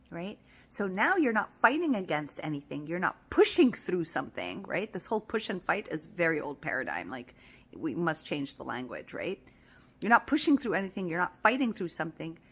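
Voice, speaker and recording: A woman giving a casual motivational talk as a spiritual coach, soft and affectionate, repeating encouraging phrases and often dropping to a whisper. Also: on the low side, big pitch swings, normal speed, breathy edge. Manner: repetitive, encouraging.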